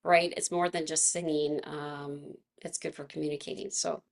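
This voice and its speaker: With a low, creaky voice made a bit froggy by overuse, this woman leads a laid-back live online movement class. She's chatty and gentle and laughs a lot, though her delivery is flat and her speed normal.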